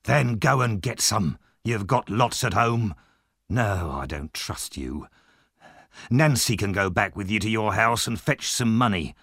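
A man doing a gruff, ill-tempered thief. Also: lowish voice, expressive, a little slow, a bit bright, dry recording, clean studio sound, full character voice. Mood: surly. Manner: gruff, demanding. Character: rough, bad-tempered sick male thief.

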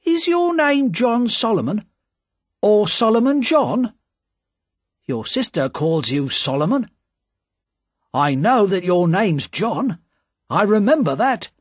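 A man's voice: high voice, very animated, slow, long pauses, dry recording, studio quality, voice pushed up, exaggerated voice. A man voicing a blunt working man who questions pointedly. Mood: suspicious.

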